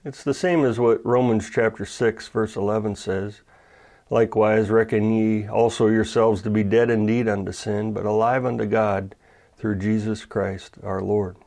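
A male pastor giving a measured, earnest Bible teaching, stressing key words. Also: lowish voice, fairly even intonation, vocal fry, darkish tone.

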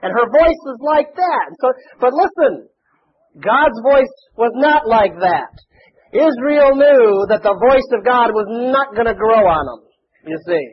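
High-voiced guy preaching, leans hard on key words, kinda dull lo-fi recording with a bit of hiss. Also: lively intonation. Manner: emphatic, slows and rises on key words, asks the congregation questions. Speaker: pastor. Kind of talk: sermon.

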